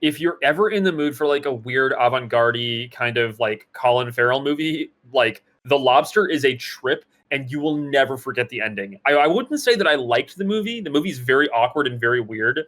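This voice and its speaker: A man co-hosting a casual gaming podcast, telling a story in an animated way with many fillers and restarts. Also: mid-range voice, a little fast, hardly any pauses. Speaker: podcast co-host. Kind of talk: casual chat.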